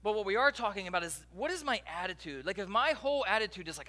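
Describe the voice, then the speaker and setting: A man preaching a sermon as a pastor, joking and talking directly to the congregation in a lively, conversational way. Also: high voice, fast, hardly any pauses. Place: church.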